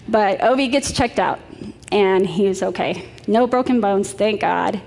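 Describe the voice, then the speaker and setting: A woman's voice: medium pitch, a little slow, a little mellow, long reverb tail. A middle-aged woman preaching a sermon, telling stories in a chatty way with light laughs.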